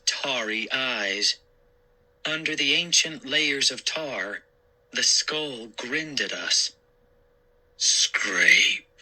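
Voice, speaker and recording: A man narrating a scary story in a slow, deliberate, suspenseful way. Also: medium pitch, sharp tone, rough recording. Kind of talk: scripted horror story narration.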